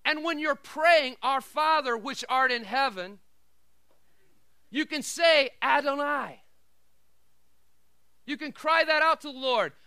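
A middle-aged man preaching a sermon as pastor, telling stories with animated swings between shouted lines and quiet asides. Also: extremely high pitch, unhurried, no echo.

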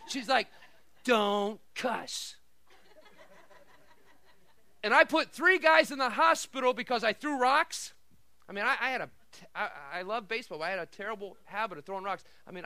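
A middle-aged man preaching a sermon as pastor, telling stories with animated swings between shouted lines and quiet asides. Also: very high voice, smooth, dry recording.

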